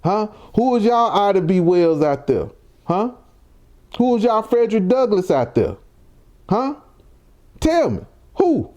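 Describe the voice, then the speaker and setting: A man's voice: high voice, very animated, normal speed, darkish tone. A young man from Mississippi, giving heated, provocative reaction commentary full of rhetorical questions. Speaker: commentary vlogger.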